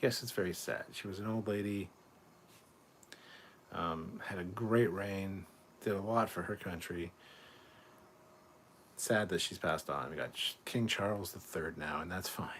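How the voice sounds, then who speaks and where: A man's voice: sits low, a little slow, long pauses, fairly bright tone, slight background noise. A tired man hosting a late-night livestream, reading viewer comments aloud and answering them frankly, swearing freely. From Canada. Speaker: livestream host. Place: warm room at home.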